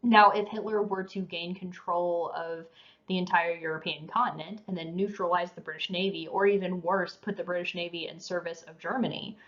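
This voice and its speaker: A tired woman lectures in a loose, conversational way, dropping in fillers as she goes. Her voice sits a little low for a woman. The recording is dull and lo-fi. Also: steady tone, normal speed, a bit bright. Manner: casual, conversational, says you know and um. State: tired, yawning. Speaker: teacher.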